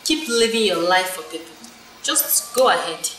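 A woman playing a blunt friend who scolds and pushes, with sharp, demanding delivery. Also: medium pitch, brisk, a little hiss or hum, natural voice. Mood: scolding. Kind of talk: film drama acting. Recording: echoey room, far mic, music under.

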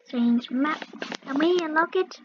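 A woman's voice: high-pitched, a little slow, muffled recording, background noise. A woman casually commenting as she plays a video game, playfully yelping and groaning at each fall. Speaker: gaming video host. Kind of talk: casual let's-play commentary.

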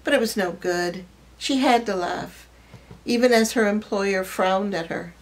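A woman reading a short story aloud, in measured, expressive storytelling. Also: medium pitch, gravelly, low-quality recording. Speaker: reader.

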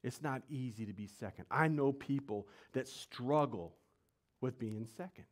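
A man preaching a sermon, telling the story in slangy, animated speech and asking his audience questions. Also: mid-range voice, unhurried.

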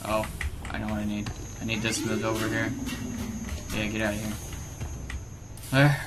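A young man around twenty recording let's play commentary on a headset, excitable and given to loud, swearing outbursts of frustration. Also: on the low side, moderate pace, noisy background. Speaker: gaming video host. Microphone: gaming headset. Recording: music playing underneath. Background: background music.

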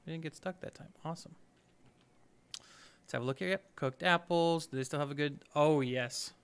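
A man's voice: fairly high pitch, fairly quick, vocal fry, fairly bright tone, smooth. A man hosting a let's play, giving upbeat, chatty gameplay commentary and thinking aloud as he goes.

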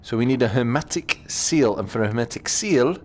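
A British man casually commenting as he plays a VR game, chatting to himself with quick exclamations. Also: mid-range voice, animated, darkish tone. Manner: chatty, talks to himself while playing, exclamations. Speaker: gaming channel host.

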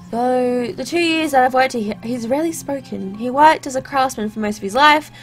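A woman's voice: high-pitched, soft background music, natural voice. A woman voicing a hesitant young female caregiver in a game. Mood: unsure. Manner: hesitant, halting.

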